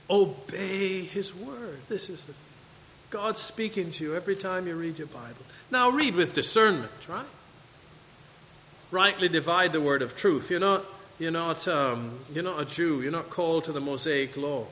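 A man's voice: fairly high pitch, lively intonation, measured pace, bright, forceful tone, in a large hall, slight background noise, low-quality recording. A man preaching a sermon to his congregation, reading scripture and asking questions. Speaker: pastor. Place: church sanctuary.

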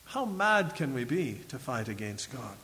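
A man preaching a sermon in an animated way, chuckling as he reads scripture aloud to his listeners. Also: mid-range voice, a little slow, long reverb tail, a little hiss or hum.

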